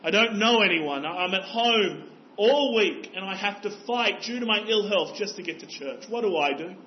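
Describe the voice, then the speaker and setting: A man preaching voices an elderly woman in a quoted story, upset and earnest, speaking higher and louder than his usual voice. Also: animated, moderate pace, dull audio, a little hiss or hum, close to an everyday voice. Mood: upset pleading. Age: older. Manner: pleading, higher voice.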